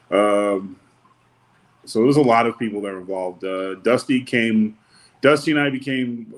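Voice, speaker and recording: A man telling stories in a casual interview, loose and rambling, acting out the people he quotes. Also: lowish voice. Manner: loose, rambling, with many fillers and restarts. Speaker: wrestling guest.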